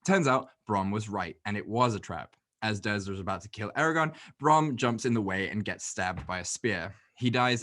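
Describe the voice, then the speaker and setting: A male podcast co-host talking through a movie in an animated, casual way. His voice sits a little low, and he swears freely as he recaps. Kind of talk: casual movie review chat.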